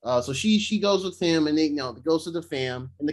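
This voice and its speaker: A man co-hosting a podcast, casually recapping an episode and acting out the characters' lines in quick voices. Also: on the high side. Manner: animated retelling, slipping into quick voices for the characters. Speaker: podcast co-host. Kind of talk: casual chat recapping a show.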